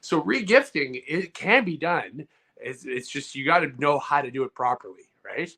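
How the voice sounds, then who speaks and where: A man with a bright, forceful voice that swings up and down a lot as he argues a mock debate. He rambles and jokes with loose, animated energy. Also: a little high, normal speed. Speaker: podcast co-host, debater. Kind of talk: casual comedic debate.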